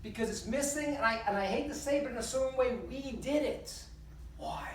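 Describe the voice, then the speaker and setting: A woman's voice: sits high, brisk, slight background noise. A woman rabbi giving a humorous spiritual talk to a live audience, telling a story and asking rhetorical questions. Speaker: rabbi speaker. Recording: roomy hall, distant mic.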